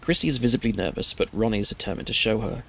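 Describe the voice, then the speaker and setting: A man streamer narrating a scary story in a steady, measured reading. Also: on the low side, gravelly.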